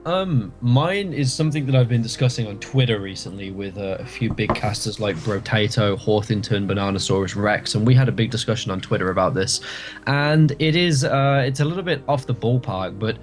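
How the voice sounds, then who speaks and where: A man's voice: lowish voice, a little fast, faint music behind. A British man chatting as a podcast guest, giving long winding explanations. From Britain. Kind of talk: casual podcast chat.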